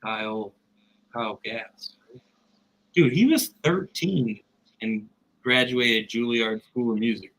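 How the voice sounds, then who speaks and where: A man's voice: mid-range voice, slow pace, pauses often, a bit bright, low-quality recording. A man from Texas chatting on a livestream, rambling with lots of fillers and joking around. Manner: rambling, filler-heavy, laid-back joking. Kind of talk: casual livestream banter.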